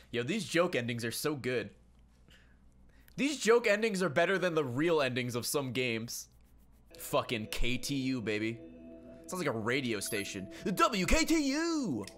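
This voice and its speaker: A man's voice: medium pitch, animated, measured pace, pauses often, fairly bright tone. A man streaming a game, joking around and swearing while he reads game text aloud. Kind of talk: casual gameplay commentary.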